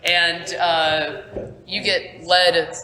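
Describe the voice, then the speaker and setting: A woman's voice: fairly low pitch, level tone, drawn-out words, a crowd in the background. A young woman narrating a tabletop game as game master, casual and rambling, recorded on a phone at school. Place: school room.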